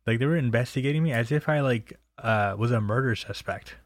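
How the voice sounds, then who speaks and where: A young man from New Jersey, USA, tells personal stories in a loose, profane, chatty style. His medium-pitched voice moves briskly, and the recording is clean studio sound with no echo.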